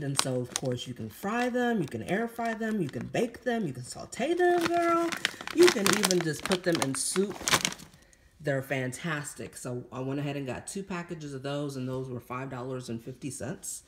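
A woman showing her grocery haul in a casual chat to camera, out of breath, chatty and exclaiming over her finds. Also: sits low.

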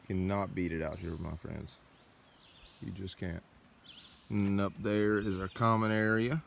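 A man talking through trip plans in a relaxed, laid-back way, outdoors by a creek on a trail vlog. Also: deep voice, measured pace, gravelly, slight background noise. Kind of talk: casual trail vlog chat.

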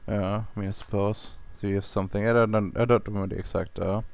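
A man's voice: lowish voice, steady tone, fast talker, vocal fry, a little mellow, clean tone. A man running a tabletop role-playing game as game master, talking hesitantly with lots of fillers. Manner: hesitant, many fillers and restarts.

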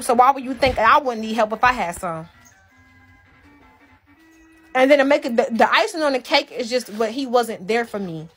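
High-voiced woman venting on a live stream. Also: fairly bright tone. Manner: emphatic, profane, repeats herself. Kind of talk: emotional venting to a live audience.

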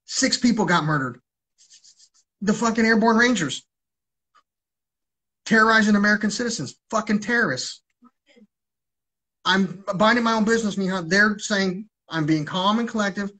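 A man's voice: high-pitched, normal speed, long pauses, pushed and bright. A man ranting on a livestream in an agitated, rambling way, swearing heavily.

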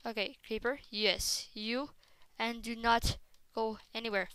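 A woman commenting on her game with a higher, very clear and bright voice, speaking slowly and then breaking into frustrated yelling. The sound is close and dry, with no room around it. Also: dry recording. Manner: excitable, bursts into frustrated shouting; talks straight to viewers as "guys". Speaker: gaming commentator.

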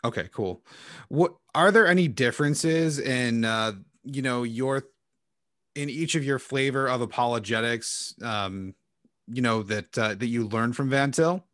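A male co-host poses questions hesitantly at a mid pitch. The sound is dry and close, with no room in it. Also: measured pace, fairly bright tone, dry recording. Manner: hesitant, searching for words. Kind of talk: interview questions.

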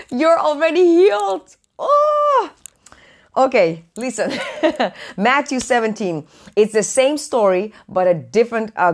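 Woman preacher, live stream host, bubbly, greets viewers, mid pitch. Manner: warm, excitable, greets viewers by name with high squeals. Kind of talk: lively live-stream Bible teaching. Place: away from home, indoors.

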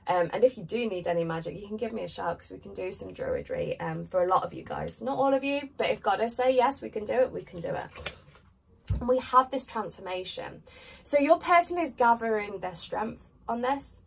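A woman's voice: medium pitch, sing-song, fairly quick, creaky, slightly rough, far from the mic, low-quality recording. A woman giving a chatty, rambling pick-a-card tarot reading while congested with a cold. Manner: chatty, rambling, filler-heavy. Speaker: tarot reader.

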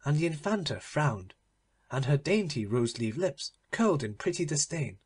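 A man reading a classic story aloud as an audiobook narrator, with expressive, dramatic delivery. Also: fairly high pitch, normal speed, slightly rough.

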